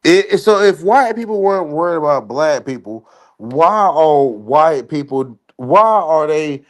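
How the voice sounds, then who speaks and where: A man hosting a podcast, arguing in a heated casual debate and firing off rapid strings of "no.". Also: on the high side, lively intonation. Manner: argumentative, repeats "no" in rapid bursts. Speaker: podcast host.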